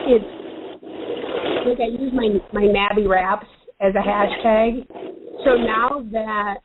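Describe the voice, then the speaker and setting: A woman asking a question on a team call, hesitant and thinking aloud. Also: mid-range voice. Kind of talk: casual call chat. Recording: phone-line call audio.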